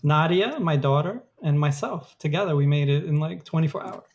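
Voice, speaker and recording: A man with a slightly high, gravelly voice co-hosts a podcast. He chats in a relaxed, easy way and laughs often over a remote call. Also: fairly quick, dull audio. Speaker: podcast co-host. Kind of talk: casual chat.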